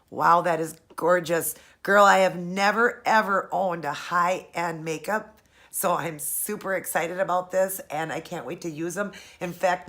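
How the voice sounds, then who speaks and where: Low-voiced woman in her forties, gushing. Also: fairly bright tone. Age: 40s. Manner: gushing and sentimental, breathy laughs. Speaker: vlogger. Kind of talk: casual unboxing chat.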